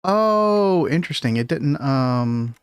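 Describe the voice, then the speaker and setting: A man's voice: on the high side, expressive, slow pace, clean tone, no echo. A man hosting a casual game stream, thinking aloud and chuckling often.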